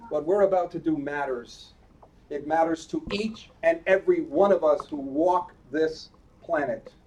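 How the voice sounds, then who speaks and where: An elderly cantor in his eighties tells a chatty, playful story during a service, pausing to quiz the children. His voice sits a little higher than most men's. It was caught by a mic some distance away, with a faint hiss of background noise. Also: darkish tone. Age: 80s. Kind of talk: storytelling sermon to a congregation. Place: synagogue sanctuary during a service.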